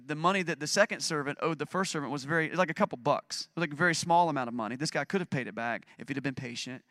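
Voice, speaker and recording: A man's voice: a little high, bright, forceful tone, no room sound, clean studio sound. A man preaching a sermon as pastor, conversational and emphatic, acting out scripture with dramatic readings.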